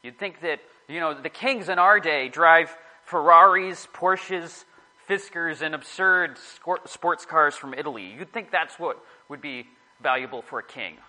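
A man's voice: a little high, a little slow, pushed and bright, rough recording. A man giving a casual, rambling sermon to a small group, often correcting himself as he talks. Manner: rambling, self-correcting, chatty.

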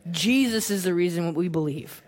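A woman preaching a sermon in a casual, animated way, often repeating phrases for emphasis. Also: fairly low pitch, normal speed. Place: church.

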